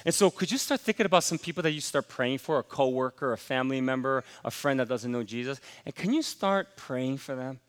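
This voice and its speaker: A man preaching a sermon as pastor, emphatic and rising to forceful exhortation. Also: mid-range voice, long reverb tail.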